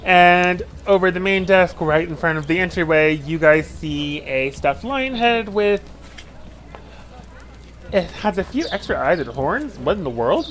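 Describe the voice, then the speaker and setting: A man running a tabletop fantasy game as dungeon master, narrating scenes in a loose, rambling style full of fillers. His voice is bright and a little high. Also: expressive, measured pace.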